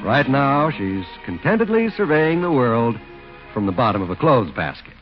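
A man announcing on a 1940s radio show, with brisk, smooth sales patter. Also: medium pitch, very animated. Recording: dull 1940s radio recording with music.

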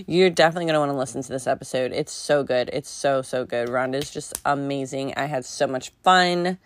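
A woman from the United States hosts a podcast in a relaxed, chatty way, laughing often and piling on fillers. Her voice sits a little low and comes through dry and close, with no room around it. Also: moderate pace, dry recording. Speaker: podcast host. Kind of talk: casual podcast chat. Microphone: remote call recording.

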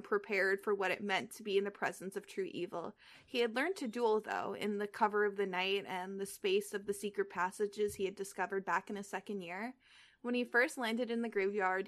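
A young woman reading a story aloud on a casual podcast, stumbling and restarting now and then. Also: medium pitch. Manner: reads aloud with slips and restarts, breaks off into chat full of "like". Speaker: podcast co-host reading fan fiction aloud.

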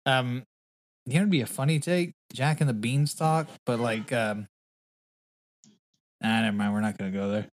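A man's voice: medium pitch, moderate pace, long pauses. A man co-hosting a podcast in casual, joking chat, laughing often and rambling. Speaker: podcast co-host.

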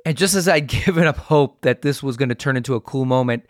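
A man's voice: mid-range voice, quick pace, dry recording, studio quality. A man hosting a talk show, laughing along and trading his own stories. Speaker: podcast host. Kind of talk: casual interview chat.

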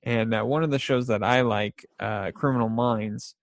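A man's voice: medium pitch, steady tone, normal speed, no room sound. Laughing, rambling young man in dry sound. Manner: rambling, laughs often, acts out quotes. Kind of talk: casual chat about TV shows.

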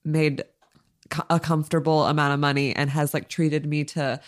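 A woman's voice: deep voice, flat delivery, normal speed. A woman in casual chat, telling a personal story with lots of fillers. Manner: chatty, many fillers, laughs through story.

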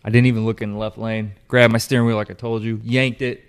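A man chatting casually as a co-host, telling a lively story, swearing freely and acting out what people said. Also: on the low side, quick pace, clean tone. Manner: animated storyteller, swears freely, acts out quotes. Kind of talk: casual chat.

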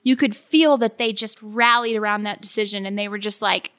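A woman co-hosting a casual sports talk show, animated and quick to laugh as she acts out what others say. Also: mid-range voice. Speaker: sports podcast co-host.

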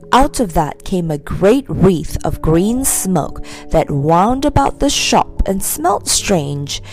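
Woman reading a kids story aloud, lively and expressive, soft music under it. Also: medium pitch. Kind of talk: scripted narration.

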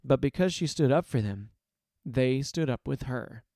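A man narrating a story aloud in a measured, expressive reading voice. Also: medium pitch, no room sound, studio quality. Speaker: story reader.

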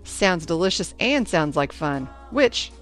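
A woman's voice: fairly low pitch, big pitch swings, measured pace, fairly bright tone, soft background music. A woman voicing a stern, formal booster club president running a school auction, with a commanding announcer manner.

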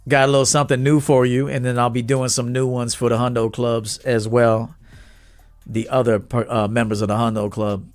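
A man's voice: mid-range voice, level tone, normal speed, soft background music. A man, a dating coach talking bluntly and with swagger to viewers on a livestream.

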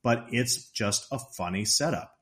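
A man co-hosting a podcast, casually retelling movie scenes in an animated way, laughing often and quoting the characters in a raised voice. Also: mid-range voice, measured pace. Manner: laughs often while talking. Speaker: podcast co-host discussing a movie.

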